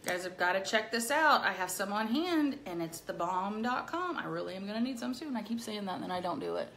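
A woman's voice: mid-range voice, lively intonation, brisk, a bit bright, a little hiss or hum. A middle-aged woman chatting casually through a makeup tutorial, bubbly and playful, with silly rhyming words. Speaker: makeup vlogger.

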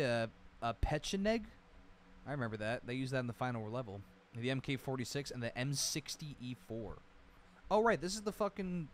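A man's voice: mid-range voice, slight background noise. A man streaming a game, chatting casually as he reads through weapon lists, rambling and swearing now and then. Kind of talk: casual livestream commentary.

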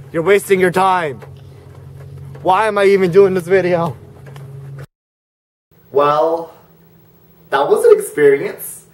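A man vlogging comically outdoors, pleading and shouting goofily after ducks that ignore him. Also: sits high, animated, moderate pace, pauses often. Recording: noisy outdoor recording.

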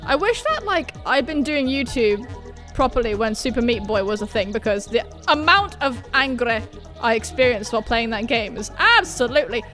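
Woman, high and bright, lively let's-play commentator who is self-mocking and sweary, with faint game music underneath. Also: normal speed. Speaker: gaming YouTuber.

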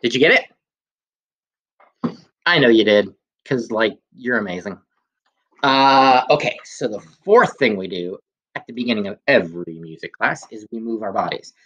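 A male music teacher leading a recorded kindergarten class, speaking gently and encouragingly and singing simple children's songs. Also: on the low side, animated, normal speed, dull audio. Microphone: phone.

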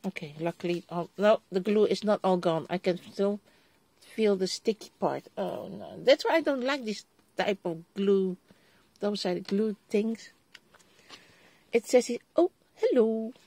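A woman's voice: mid-range voice, unhurried, darkish tone, no room sound. A middle-aged Dutch woman with a Dutch accent, chatting casually to viewers as she unboxes a crafting haul at her desk and exclaims over each item. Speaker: vlogger.

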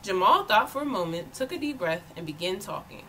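Expressive woman reading a children's book. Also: medium pitch, a little fast, hardly any pauses, a little hiss or hum, rough recording. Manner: expressive storytelling. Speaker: volunteer reader.

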